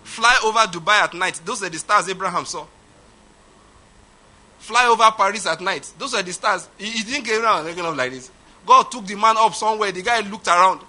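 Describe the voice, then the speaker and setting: A man preaching a sermon, emphatic, swinging from loud declarations to quiet asides. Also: high-pitched, a little fast. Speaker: pastor.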